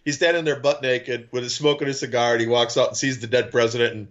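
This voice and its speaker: A man's voice: mid-range voice, quick pace, hardly any pauses. Lo-fi male podcast co-host. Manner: animated storyteller, acts out quotes. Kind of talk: casual chat.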